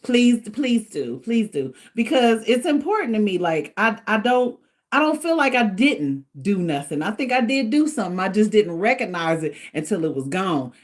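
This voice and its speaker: A middle-aged woman hosting a casual livestream, chatting in an animated way and laughing often. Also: medium pitch, normal speed. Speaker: livestream host.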